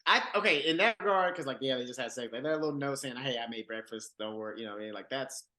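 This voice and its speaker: Fast, bright-voiced rambling man. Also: medium pitch. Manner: enthusiastic, rambling, restarts often. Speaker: podcast co-host. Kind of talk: casual chat.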